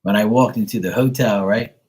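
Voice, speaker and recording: Husky guy venting on a livestream, blunt and sweary, mocking everybody, breathy voice. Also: fairly low pitch, brisk, a little mellow, rough recording. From Bermuda. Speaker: livestream host. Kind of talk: casual rant to viewers.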